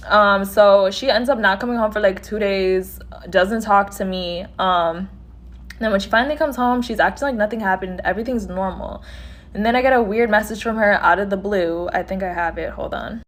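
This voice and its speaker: A woman telling a casual storytime and acting out the other people's dialogue with lively energy. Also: mid-range voice, moderate pace. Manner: animated, acts out quoted dialogue.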